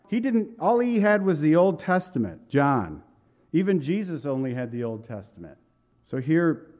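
A man preaches with a pitch that sits a touch higher than most men's. He keeps it conversational and emphatic, throwing rhetorical questions at the congregation. The recording is dull and lo-fi. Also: darkish tone. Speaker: pastor. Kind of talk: sermon.

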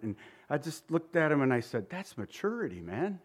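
A man's voice: a little high, sing-song, moderate pace, hardly any pauses, slightly rough. Man preaching, asking the flock questions. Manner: conversational preaching with rhetorical questions; reads scripture in old-fashioned wording. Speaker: pastor. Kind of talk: sermon.

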